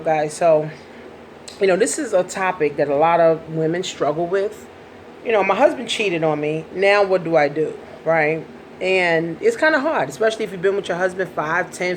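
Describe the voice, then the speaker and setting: Woman life coach, casual phone-camera vlog, blunt and profane, faint background noise. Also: fairly low pitch. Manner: blunt and profane, talks straight to viewers.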